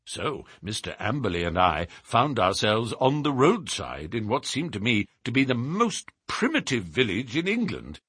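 A man narrating a story aloud in a measured, expressive reading. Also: medium pitch, slightly rough, no room sound, studio quality. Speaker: audiobook reader. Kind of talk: scripted narration.

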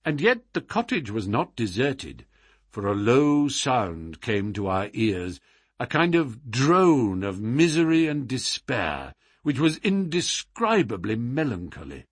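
Expressive husky male audiobook narrator. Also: mid-range voice, slow, no room sound. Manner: expressive, dramatic storytelling. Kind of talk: audiobook reading of classic fiction.

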